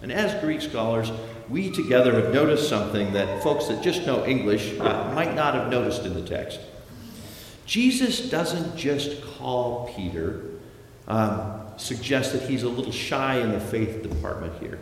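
Male preacher, sermon, slow deliberate delivery, booming church hall reverb, faint room ambience. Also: animated, slight background noise. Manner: dramatic, acts out quoted voices. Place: large echoey church hall.

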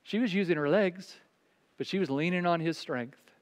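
Brief: male pastor, high voice, storytelling sermon, softens for quotes, long hall reverb. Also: normal speed. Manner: storytelling, drops to soft quiet voice for quoted words.

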